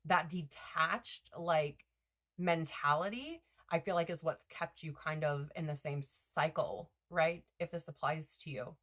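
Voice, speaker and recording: A woman's voice: deep voice, a little slow, fairly bright tone. A woman giving a casual spiritual card reading, rambling with lots of fillers and self-corrections. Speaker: tarot reader.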